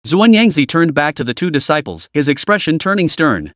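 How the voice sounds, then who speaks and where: Narrator: man, slightly high voice, steady scripted recap, dry close sound. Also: fairly quick, no echo. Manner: steady storytelling.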